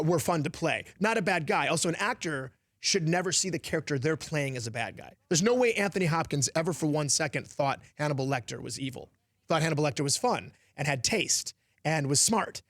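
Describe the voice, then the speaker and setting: Animated man, actor guest, higher voice. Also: no echo, clean studio sound. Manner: animated, quick laughs, many restarts. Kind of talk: casual interview chat.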